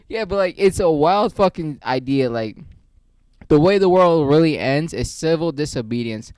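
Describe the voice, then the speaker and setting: A man rants casually about a movie in a profane, rambling, joking way. His voice sits fairly high for a man. The sound is dry and close. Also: lively intonation, moderate pace, no echo. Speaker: channel host reviewing a movie.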